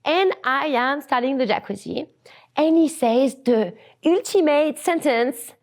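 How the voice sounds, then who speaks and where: Young woman, French accent, slightly high voice, candid profane storytelling, laughing asides. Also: lively intonation, unhurried. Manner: frank and profane, laughs often, drops to hushed asides.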